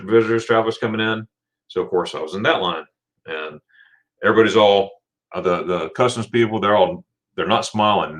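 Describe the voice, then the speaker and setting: A man's voice: on the low side, a bit bright. A middle-aged man hosting a live stream, telling funny stories in a casual chat, laughing often and repeating words as he talks. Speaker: livestream host.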